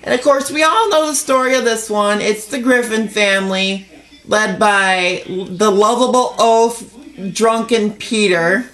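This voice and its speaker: Slow, calm young woman co-host. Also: mid-range voice. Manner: unhurried, calm, chimes in with short replies. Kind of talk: casual chat.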